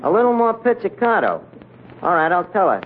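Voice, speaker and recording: A man's voice: high voice, wildly swooping pitch, fairly quick. A man playing a wisecracking tavern manager in a 1940s radio comedy, with mangled grammar and malapropisms. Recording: tinny hissy 1940s radio broadcast.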